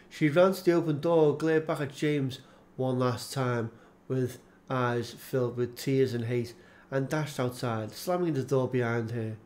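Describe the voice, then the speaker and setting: A man narrating an audiobook in a slow, measured, solemn reading. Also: mid-range voice, fairly even intonation, darkish tone.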